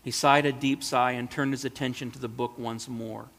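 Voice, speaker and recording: A man reading a storybook aloud in a gentle, measured way. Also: mid-range voice, flat delivery. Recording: long hall reverb.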